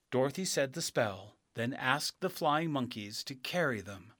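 A man narrating a children's storybook in a calm, measured reading. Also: mid-range voice, no echo, clean studio sound.

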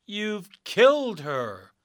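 A man voicing a crowd of cheerful little people in a storybook reading, high and eager. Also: big pitch swings, slow, no echo, studio quality, heavily acted.

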